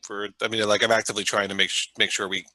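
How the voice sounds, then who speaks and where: A man's voice: lowish voice, level tone, very fast, bright, forceful tone. A man playing a tabletop game, asking hesitantly about the rules. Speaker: player. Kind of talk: casual tabletop play.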